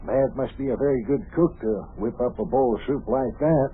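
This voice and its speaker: An actor playing a folksy, hearty small-town mayor who gives cheerful pep talks, on an old radio show. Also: male voice, mid-range voice, brisk, close to an everyday voice. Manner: folksy, hearty, calls people buster and lad. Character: folksy older male mayor, cheerfully bossy. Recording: tinny old radio broadcast with faint hiss.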